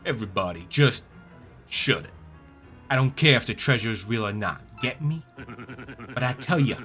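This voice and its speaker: A tough-talking gangster boss with a mob drawl, as a man puts him on for a video game. His delivery is lively and bright, and the accent drifts as he goes. Faint music sits under the voice. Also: mid-range voice, normal speed, lightly acted. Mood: menacing. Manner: tough-guy mobster drawl, shifting accent.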